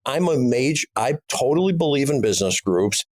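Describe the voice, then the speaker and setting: A man's voice: mid-range voice, lively intonation, fairly quick, darkish tone, no room sound, clean studio sound. Blunt, emphatic middle-aged man. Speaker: podcast co-host, business owner. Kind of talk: casual podcast conversation.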